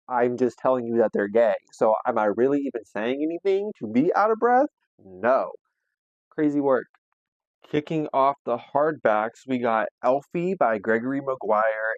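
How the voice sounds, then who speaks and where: A man's voice: medium pitch, no room sound, muffled recording. A young man hosting a casual book haul vlog, chatty and playful with lots of slang, a little out of breath. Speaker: booktube host.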